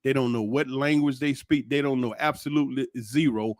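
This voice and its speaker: A man's voice: mid-range voice, fairly quick, no room sound, clean studio sound. A middle-aged man telling stories to his channel in a loose, rambling monologue, full of restarts and exclamations. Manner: animated, rambling storyteller with frequent restarts and exclamations. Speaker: channel host. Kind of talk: casual commentary monologue.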